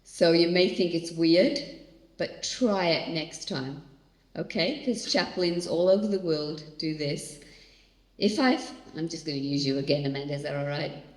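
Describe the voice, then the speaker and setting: A woman's voice: sits low, a little slow. A woman giving a conversational church teaching as a seminar speaker, speaking earnestly and directly to audience members. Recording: echoey hall.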